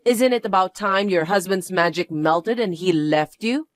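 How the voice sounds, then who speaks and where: A woman voicing a vain, bratty young stepsister who talks down to her sister in a high, smug tone. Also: normal speed, no room sound, soft background music, close to an everyday voice. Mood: gloating.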